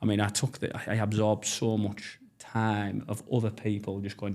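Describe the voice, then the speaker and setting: North East English man in his thirties, low voice, talks fast and blunt, interview guest. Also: flat delivery, a little mellow. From North East England. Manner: blunt, brash, swears freely, enthusiastic. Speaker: podcast guest, entrepreneur. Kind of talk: casual storytelling interview.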